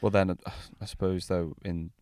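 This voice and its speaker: A man's voice: sits low, little pitch movement, moderate pace, darkish tone, dry recording. A young man co-hosting a casual film review chat, hesitant and often restarting his sentences. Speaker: film podcast co-host.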